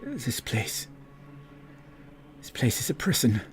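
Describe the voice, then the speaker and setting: A man voicing a grief-stricken female dryad guardian in a tabletop role-play, soft and shaky, her voice breaking with tears. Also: medium pitch, wildly swooping pitch, takes it slowly, faint music behind, pitched above the performer's own voice. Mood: sorrowful. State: tearful, voice breaking.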